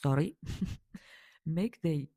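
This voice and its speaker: A woman's voice: sits low, expressive, drawn-out words, dark tone, no echo. A woman hosting a solo podcast, speaking as an in a rambling, emphatic way with many fillers and repeated words. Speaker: podcast host. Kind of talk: casual solo podcast monologue.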